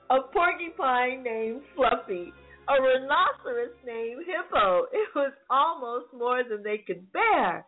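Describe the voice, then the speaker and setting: A woman reading a bedtime story to children, slow and expressive, often laughing. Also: sits high. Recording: phone-like lo-fi sound, faint music.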